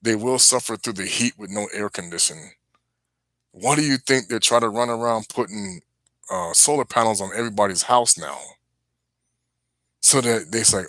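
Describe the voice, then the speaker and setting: A man's voice: on the low side, moderate pace, long pauses, pushed and bright, dry recording. A man hosting a religious live stream, preaching casually and earnestly to his viewers with warnings.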